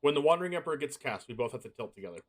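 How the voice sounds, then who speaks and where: A man streaming a card game, reacting excitably, often shouting and laughing as he plays. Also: medium pitch, rapid-fire. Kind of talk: live gameplay commentary.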